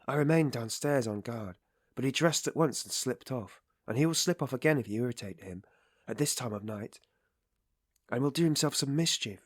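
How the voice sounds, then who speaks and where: A tipsy, blustering young man, read by a male narrator pushes his voice up and loud, loyal and impatient. The sound stays dry and close. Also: medium pitch, moderate pace, no echo, pitched above the performer's own voice, lightly acted.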